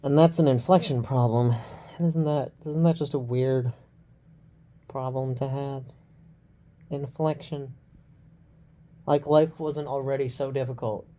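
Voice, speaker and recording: A man's voice: mid-range voice, steady tone, measured pace, long pauses, warm tone. A man rambling in loose, self-deprecating tangents while lying on the floor indoors and filming himself on a phone he holds above his face. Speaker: vlogger. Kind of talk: rambling casual monologue to camera. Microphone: phone held overhead in one hand.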